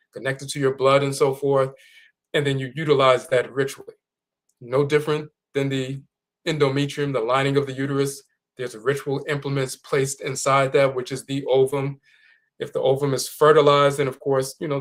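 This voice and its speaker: Man lecturing deliberately, spelling words out. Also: mid-range voice. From North America. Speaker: lecturer on spiritual tradition. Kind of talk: explanatory lecture.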